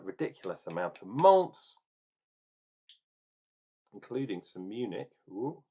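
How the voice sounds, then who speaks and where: A man's voice: medium pitch, highs cut off. A chatty middle-aged man from England reviewing a beer, rambling and joking in a casual tasting vlog. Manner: chatty, jokey, rambling asides.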